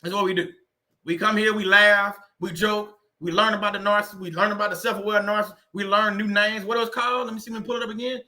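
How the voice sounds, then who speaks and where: A man's voice: sits high, level tone, quick pace, bright, forceful tone. A man hosting a casual livestream, laughing often and reading viewers' comments aloud. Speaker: livestream host.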